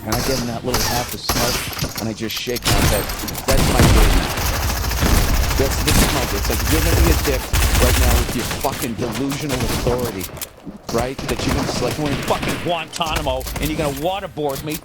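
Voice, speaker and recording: A male comedian telling a profane, animated story while playing a game. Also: medium pitch, brisk, heavy background noise. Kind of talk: storytelling over gameplay. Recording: game gunfire behind voice.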